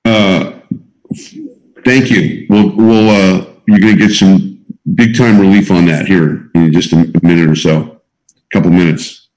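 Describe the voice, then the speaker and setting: A man's voice: low voice, fairly even intonation, a little slow, darkish tone. A man coaching a small group of students, teaching in an emphatic way and repeating his key points. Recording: roomy echo.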